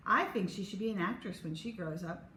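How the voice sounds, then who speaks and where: A woman's voice: medium pitch, brisk, sharp tone, natural voice. A woman voicing a friendly, cheerful first-grade boy. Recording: echoey room, faint hum.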